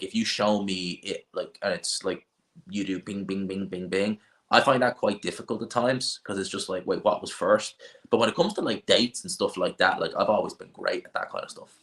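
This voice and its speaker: Brief: male stream host, fairly low voice, blunt, rambling, opinionated. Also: fairly bright tone. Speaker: boxing channel host. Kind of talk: casual live stream chat.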